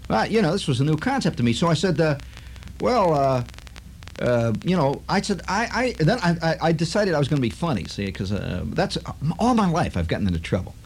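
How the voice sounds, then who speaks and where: A man telling a long personal story in a rambling, halting way, full of asides and restarts. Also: fairly high pitch, sing-song, husky. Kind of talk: spoken storytelling monologue.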